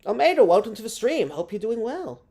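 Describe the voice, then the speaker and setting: A woman's voice: fairly high pitch, big pitch swings, a little fast, warm tone, breathy edge. A woman hosting a live gameplay stream, chatting with her audience in a rambling, self-mocking way. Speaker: gaming streamer.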